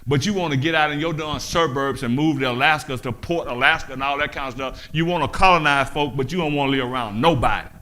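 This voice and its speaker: A male pastor delivering a fiery sermon. His voice sits high and rings bright and forceful. He throws rhetorical questions at the listeners and swells into shouts. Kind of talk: preaching sermon.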